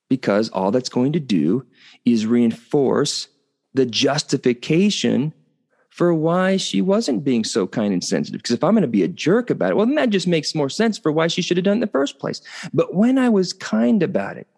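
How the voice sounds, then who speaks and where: A middle-aged man hosting a talk, telling a personal story in a conversational way and checking in with "okay?". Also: mid-range voice. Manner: animated, conversational, tags points with "okay?". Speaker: host.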